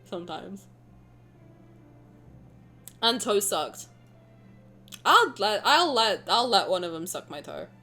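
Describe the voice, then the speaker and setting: Woman streamer, self-mocking and jokey, with a bouncy, expressive voice over quiet background music. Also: mid-range voice, slow pace, long pauses. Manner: animated, joking and self-mocking. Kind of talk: casual chat with viewers.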